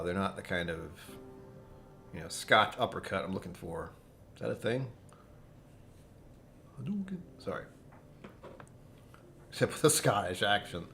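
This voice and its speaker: Rambling man tasting whisky on a stream. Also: fairly low pitch. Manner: rambling, self-deprecating, jumps between topics; chats to viewers and reads out their comments. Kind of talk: casual live-stream chat.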